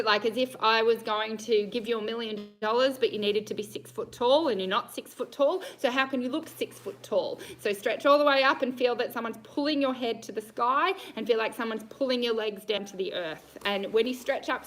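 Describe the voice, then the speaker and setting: A woman's voice: fairly high pitch, a little hiss or hum, rough recording. An Australian woman, a riding coach, answering viewer questions on a live stream in a bubbly, upbeat way and laughing often.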